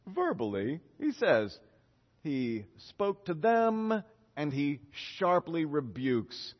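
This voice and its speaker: A man preaching a lively sermon, retelling a Bible story in casual speech and acting out the characters' lines. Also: mid-range voice, a little slow, in a large hall, dull audio. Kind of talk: lively sermon with acted-out dialogue.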